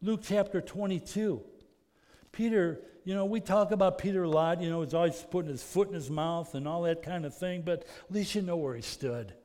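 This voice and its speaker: A man preaching a sermon as pastor, earnest, moving between loud emphasis and soft, intimate passages. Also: high voice, normal speed. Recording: long reverb of a large hall.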